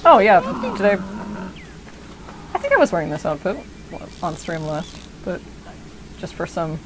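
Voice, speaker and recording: A woman's voice: fairly low pitch, sing-song, measured pace, noisy background. A woman streaming a video game, chatting enthusiastically to her viewers as she plays. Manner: enthusiastic, chatty, talks to chat. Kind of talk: casual game commentary.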